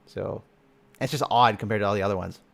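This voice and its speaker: A man streaming live and reacting to game content in casual chat, excitable and swearing freely, often trailing off and restarting. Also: on the low side, fast, vocal fry.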